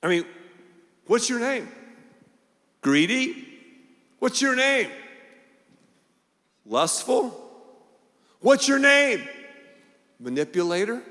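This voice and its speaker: A male pastor preaching a sermon with animated energy, acting out voices and hammering points with punchy repetition. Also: sits high. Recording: long reverb of a large hall.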